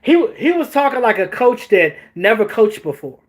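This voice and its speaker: A man hosting a casual sports talk stream, animated, joking and swearing as he reacts to chat. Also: high voice, normal speed. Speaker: host.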